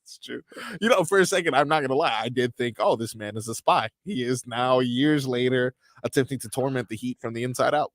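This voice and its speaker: A man's voice: mid-range voice, a little fast, no echo, clean studio sound. Wry male radio co-host. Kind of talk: sports talk radio chat.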